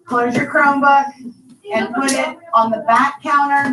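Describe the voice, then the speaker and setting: A woman teacher giving brisk, repeated instructions to her class. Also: high-pitched, steady tone, noisy background. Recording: echoey classroom from far off.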